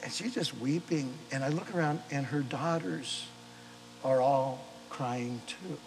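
A male pastor preaching a sermon, telling a story with animated delivery, acting out the voices of the people in it and often restarting his words. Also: medium pitch, unhurried, gravelly, a little hiss or hum, low-quality recording. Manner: animated storyteller, acts out quoted voices, frequent repeated starts. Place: church or chapel service.

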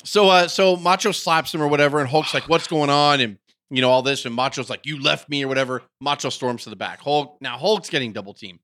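A man retelling a story in casual podcast chat, animated and acting out what people said. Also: mid-range voice, quick pace, no room sound.

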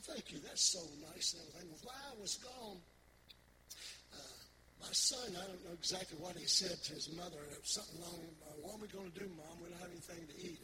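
A man's voice: sits high, rough recording. An older man preaching, folksy storytelling full of repetitions as he tells his testimony to the congregation. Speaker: pastor. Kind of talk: sermon testimony. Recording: loud background noise.

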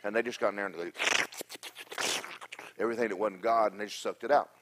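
A pastor preaching a sermon, telling stories with humorous asides and swinging from loud exhortation to quiet remarks. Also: male voice, on the low side, quick pace, very noisy. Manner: animated storytelling with humorous asides.

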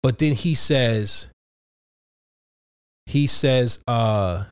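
Low-voiced man telling a story, dry sound. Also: unhurried, a little mellow, no room sound. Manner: loose, profane storytelling with many restarts. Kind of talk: casual chat.

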